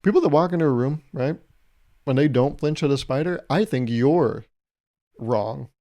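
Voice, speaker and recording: A man's voice: mid-range voice, moderate pace, warm tone. A man hosting a solo comedy podcast, rambling through stories in a self-mocking way and laughing often. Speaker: podcast host.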